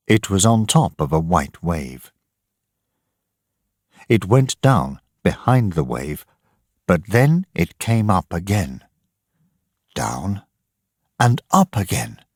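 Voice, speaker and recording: Male narrator, storybook reading, slow and deliberate, expressive pitch, dry close sound. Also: no echo. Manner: measured and deliberate.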